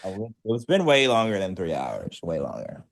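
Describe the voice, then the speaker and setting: A man with a fairly low voice co-hosting a podcast, relaxed and given to hedging asides. He chats loosely with the others. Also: normal speed, vocal fry. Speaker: podcast co-host. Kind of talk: casual chat.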